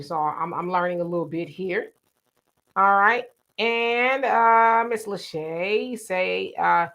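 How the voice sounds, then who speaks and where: Woman, livestream co-host, relaxed conversational read of chat comments. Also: mid-range voice. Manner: reads viewer comments aloud and responds conversationally. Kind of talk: casual live discussion.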